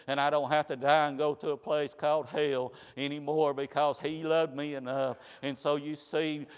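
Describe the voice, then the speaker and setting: A man preaches in a church sanctuary, his fairly high voice smooth and clean. He delivers an earnest testimony in a narrow, level pitch. Lines push toward fervent emphasis, and long reverb trails off the walls. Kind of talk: sermon.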